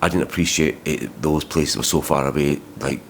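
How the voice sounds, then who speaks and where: A man's voice: a bass voice, normal speed, gravelly, a little hiss or hum. A man vlogging about his travels, talking in a rambling, heated way with plenty of swearing and restarts. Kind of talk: vlog storytelling.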